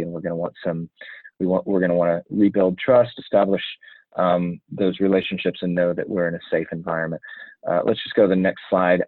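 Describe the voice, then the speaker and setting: A man's voice: low voice, no echo. A man from East Texas with a Texan accent, moderating a webinar on a video call and speaking hesitantly with many fillers. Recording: tinny phone-like line.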